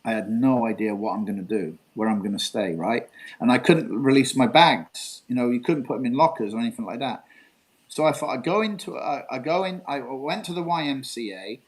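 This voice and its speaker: A man's voice: mid-range voice, fairly quick, poor audio. An English man from England, a guest telling a long rambling story, repeating himself and swearing. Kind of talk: casual storytelling interview.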